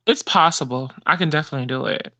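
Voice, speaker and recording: Woman co-host, casual storyteller, bright and dry. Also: low-pitched, fast, no echo. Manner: chatty storyteller, rambling with fillers. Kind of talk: casual chat.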